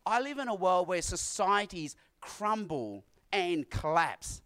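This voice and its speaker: A middle-aged man preaching an earnest sermon, repeating key lines with dramatic pauses. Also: sits high, very animated, a bit bright. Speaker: pastor.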